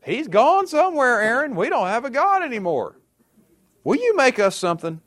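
A man voicing a crowd of anxious ancient Israelites, begging in a high, panicky voice. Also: very animated, normal speed, fairly bright tone, no echo, heavily acted. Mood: panicky pleading. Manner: pleading, panicky.

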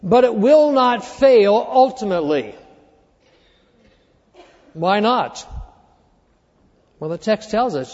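A man preaching a sermon, earnestly walking through a scripture passage and dropping quieter when he quotes it. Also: sits high, expressive, takes it slowly, pauses often. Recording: dull reverberant hall sound.

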